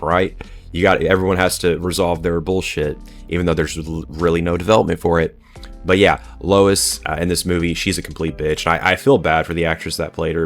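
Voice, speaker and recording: A man giving a blunt, profane and scornful rant as a movie reviewer. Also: sits low. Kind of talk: ranting film review.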